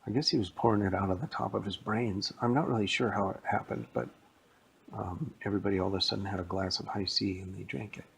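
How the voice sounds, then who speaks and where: A man's voice: on the low side, steady tone, quick pace, creaky, a little hiss or hum, low-quality recording. A man telling a playful, rambling story that he makes up as he goes. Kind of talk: improvised spoken story.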